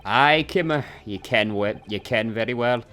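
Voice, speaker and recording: A man putting on a gruff Scottish prison governor. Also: medium pitch, moderate pace, pushed and bright, pitched above the performer's own voice, natural voice. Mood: brusque. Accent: put-on Scottish. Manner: brusque, dialect-heavy, dismissive. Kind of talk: reading game dialogue aloud.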